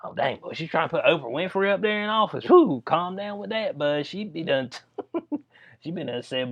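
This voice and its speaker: A man's voice: mid-range voice, lively intonation, moderate pace, gravelly, dull audio. A man giving casual, rambling commentary on news stories, full of slang and frequent laughter. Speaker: political commentary vlogger.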